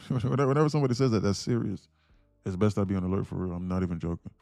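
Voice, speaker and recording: Laid-back trader guy on a live stream, gravelly voice, dry sound, faint music behind. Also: lowish voice, steady tone, very fast, warm tone, no room sound. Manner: laid-back, chuckling, reads chat aloud. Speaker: day trading streamer. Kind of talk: casual live-stream chat.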